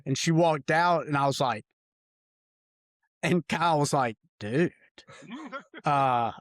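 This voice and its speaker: A man co-hosts a casual podcast, swearing and poking fun at himself. His voice is fairly high and his delivery unhurried and slow. The sound is dry and close. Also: fairly bright tone, no room sound. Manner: self-mocking, profane. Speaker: podcast co-host.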